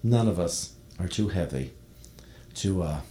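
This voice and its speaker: A man preaching a sermon, reading a devotional text aloud and then speaking gently to his congregation. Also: low-pitched, expressive, a little hiss or hum. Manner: reads a devotional poem aloud, then preaches in a soft, slowing voice. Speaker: minister.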